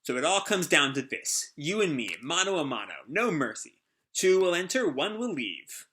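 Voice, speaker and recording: A man's voice: on the high side, sing-song, normal speed, pushed and bright, voice pushed up. A man reading the lines of a cocky young male hedgehog hero in a flippant, joking way. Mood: boastful.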